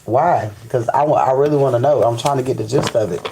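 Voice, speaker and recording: A man's voice: mid-range voice, quick pace, mellow, slight background noise, low-quality recording. A man hosting a spiritual live stream, ranting in casual, profane speech and repeating "you know what I'm saying.". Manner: restarts and stammers when fired up.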